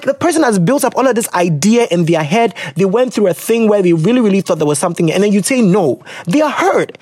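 Young podcast host, animated and swearing freely, dry close mic. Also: mid-range voice, no echo. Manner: animated, laughing, swearing, switching into local phrases. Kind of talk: casual chat reading listener letters.

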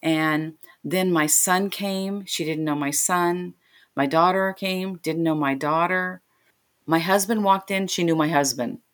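A woman's voice: lowish voice, unhurried. A middle-aged woman telling a personal story in an interview, emotional, acting out the voices of the people in it. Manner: emotional, retells scenes by voicing the people in them. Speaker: interview guest.

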